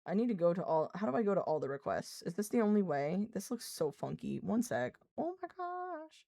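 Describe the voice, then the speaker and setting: A woman's voice: fairly low pitch, animated, fast, gravelly, warm tone, no echo. A young woman streaming live, chatting casually, laughing often, swearing freely and scolding her cat mid-sentence.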